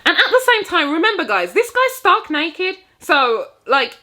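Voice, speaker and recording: Animated young woman telling a storytime. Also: sits high, measured pace, few pauses, music in the background. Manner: animated, jokey, talks straight to viewers. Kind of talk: casual storytime vlog.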